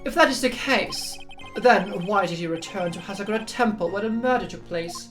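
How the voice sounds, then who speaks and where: A woman's voice: medium pitch, moderate pace, music in the background, lightly acted. Woman reading as a cool formal prosecutor. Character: stern, formal male prosecutor, cool and probing. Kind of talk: dramatic reading of game dialogue.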